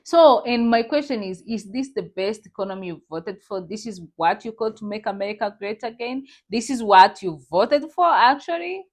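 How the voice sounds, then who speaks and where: A woman's voice: medium pitch, expressive, moderate pace, hardly any pauses. A woman hosting a reaction vlog, delivering indignant commentary and repeating her points to her viewers.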